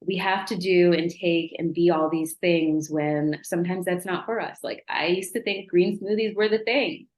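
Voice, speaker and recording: A woman's voice: fairly low pitch, moderate pace, hardly any pauses. A woman guest on a podcast, speaking in an earnest, reflective way and laughing often as she chats casually. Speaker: podcast guest, former client. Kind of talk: casual interview chat. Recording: roomy echo.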